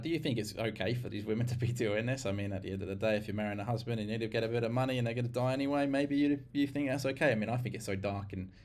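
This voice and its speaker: A man's voice: fairly low pitch, a little mellow. A man hosting casual commentary, frank and opinionated, speaking straight to viewers. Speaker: host.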